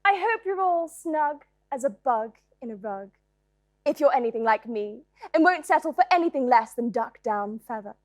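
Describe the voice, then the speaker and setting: Brief: a woman as a high-pitched, lilting wellness host with a spiteful streak. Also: lively intonation, moderate pace, no room sound, natural voice. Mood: soothing. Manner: soothing with sudden spiteful outbursts. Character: bitter woman acting out a soothing bedtime wellness host. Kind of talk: comedy sketch character.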